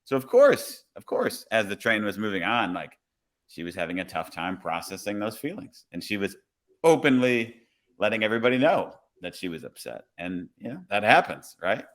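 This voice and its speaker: A man who works as a police officer tells a story in a relaxed, conversational way on a podcast and acts out his own quoted lines. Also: on the low side, normal speed.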